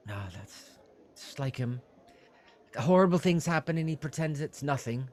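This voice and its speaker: A man's voice: fairly high pitch, lively intonation, normal speed, a little mellow, voice pushed up, natural voice. A man voicing a heavy-set, well-groomed male innkeeper who is polite and flustered and eager to please. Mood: worried.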